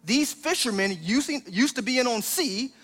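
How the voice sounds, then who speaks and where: High-voiced preacher in an echoing hall. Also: male voice, expressive, measured pace, fairly bright tone. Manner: conversational preaching, acts out quoted lines. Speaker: pastor. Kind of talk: sermon.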